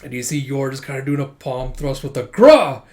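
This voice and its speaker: A man's voice: medium pitch, flat delivery, fast, a little mellow. A man chatting casually through a manga chapter, often laughing and swearing offhandedly. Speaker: manga reviewer.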